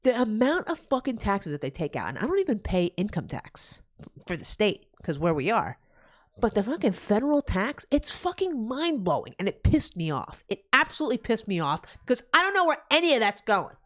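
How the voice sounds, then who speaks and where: A young woman from New Jersey talks to her live-stream chat in a loose, profane rant. Her voice swoops high and low with lively, animated pitch. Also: brisk. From New Jersey, USA. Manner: profane ranting, loud swings in pitch. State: pregnant.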